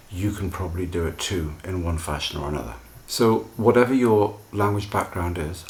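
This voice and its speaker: A man, explaining pronunciation in a calm, reassuring solo video lesson. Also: sits low, slight background noise. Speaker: English pronunciation teacher.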